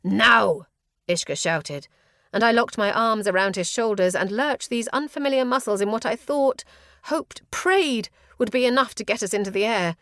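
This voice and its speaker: An audiobook narrator, a woman, reads a first-person fantasy story with tense, dramatic delivery. Her fairly high voice has lively intonation at normal speed, captured in clean studio sound with no room sound.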